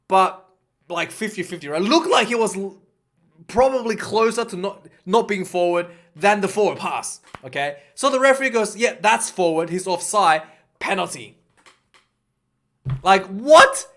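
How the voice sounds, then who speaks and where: A young man talks through a rugby match replay in a loose, rambling way, often stopping to correct himself. His voice sits high for a man. He sounds exasperated whenever the refereeing comes up. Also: sharp tone. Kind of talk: casual match breakdown commentary.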